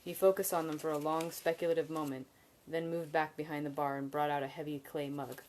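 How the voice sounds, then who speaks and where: A woman reading a fantasy novel aloud on a live stream, measured and even, with occasional slips and restarts. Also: sits low, a little hiss or hum. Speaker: reader.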